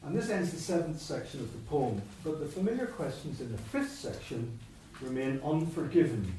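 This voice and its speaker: A man with a warm, expressive voice on the high side lectures on poetry at a moderate pace, thinking aloud in a discursive manner with asides, restarts and self-interruptions. He's recorded in an echoey church hall by a distant mic, with a little hiss or hum.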